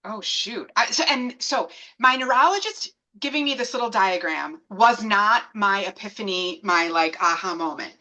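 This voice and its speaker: A woman in her thirties telling a personal story as an interview guest, animated and acting out the voices of people she quotes. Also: medium pitch, normal speed, few pauses, low-quality recording.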